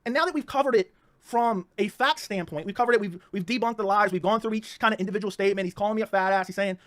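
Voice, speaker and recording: A man's voice: high-pitched, rapid-fire, a bit bright. A man with a Baltimore accent hosting his own channel, delivering a heated, mocking rant and repeating himself as he goes. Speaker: YouTube channel host. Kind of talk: ranting monologue.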